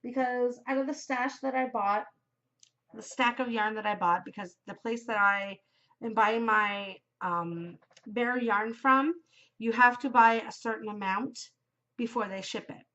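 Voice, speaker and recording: A woman's voice: a little high, unhurried, sharp tone, muffled recording. A middle-aged woman from Canada hosting her own podcast in a casual, chatty, upbeat way, with frequent ums. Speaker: podcast host. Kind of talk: casual solo podcast chat.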